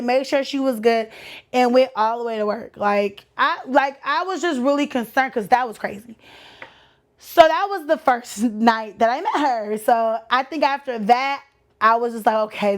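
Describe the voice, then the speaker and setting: A young Texan woman tells a story on her own podcast. She talks in a casual, slangy way and acts out every quoted line. Her voice sits high and bright. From Texas. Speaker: podcast host.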